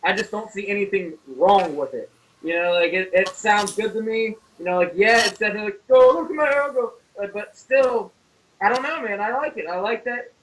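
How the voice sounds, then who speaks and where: Easygoing guest on a distant call. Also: male voice, high voice, fairly quick, a bit bright. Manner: easygoing, hesitant, swears freely. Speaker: interview guest. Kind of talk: casual chat over a video call.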